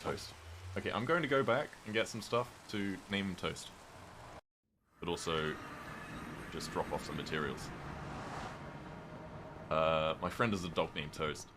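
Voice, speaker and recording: A deep-voiced British streamer rambles casually while gaming, reading viewer messages aloud and answering them in a relaxed, chatty way. He speaks at a measured pace with long pauses, and faint rain can be heard beneath his voice.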